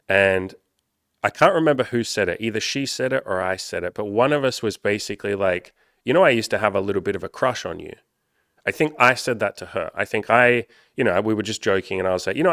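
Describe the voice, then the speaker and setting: Candid swearing man with a low voice. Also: a bit bright, smooth, no echo, studio quality. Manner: candid, swears freely, rambling. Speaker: dating coach. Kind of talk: casual storytelling monologue.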